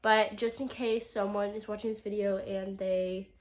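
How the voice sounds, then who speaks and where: A young woman vlogging about a book series she is reading. She talks casually and emotionally, full of fillers. Her voice sits at an ordinary middle pitch for a woman. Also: level tone, normal speed, noisy background. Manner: chatty and emotional, frequent fillers. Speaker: book reviewer.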